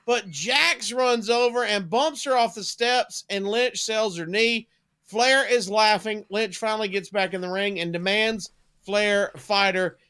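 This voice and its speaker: A man co-hosting a podcast, reading through a match recap briskly with light joking asides. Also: sits high, sharp tone, smooth. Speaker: podcast co-host.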